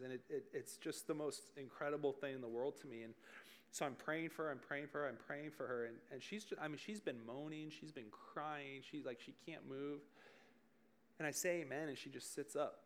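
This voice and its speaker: Man, 30s, youth-style preacher with a slightly high voice, casual and chatty, animated storyteller. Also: a little fast. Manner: animated and chatty, full of "like" and restarts, laughing at his own stories. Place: church service in front of a group.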